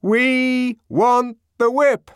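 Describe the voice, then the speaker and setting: A man voicing a frenzied crowd, chanting in a slow, heavy, insistent rhythm. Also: extremely high pitch, expressive, no room sound, clean studio sound, voice pushed up, heavily acted. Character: chanting frenzied mob of sightseers.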